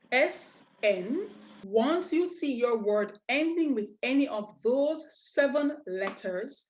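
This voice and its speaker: Woman, language teacher, deliberate lesson pacing, higher voice, muffled lo-fi sound. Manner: patient, drawn-out examples with rhetorical questions. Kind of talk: slow, deliberate lesson explanation. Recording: dull, lo-fi audio.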